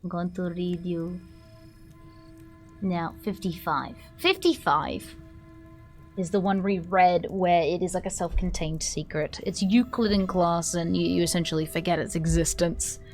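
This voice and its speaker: A woman's voice: on the low side, measured pace, faint music behind. A woman with an Australian accent chatting casually on stream, then reading a story aloud with small stumbles. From Western Australia. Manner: chatty, hesitant, stumbles over words when reading.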